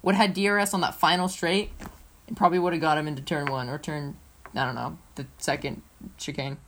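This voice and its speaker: Excitable low-voiced woman podcaster. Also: fairly quick. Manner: excitable, rambling, playful. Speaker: co-host. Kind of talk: casual motorsport podcast chat.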